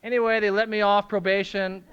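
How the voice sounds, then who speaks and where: A man sharing his recovery story at a meeting, swinging from hushed, tearful moments to loud laughing outbursts. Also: high-pitched, level tone, a little fast, smooth, muffled recording. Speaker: AA speaker. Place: meeting room at a school.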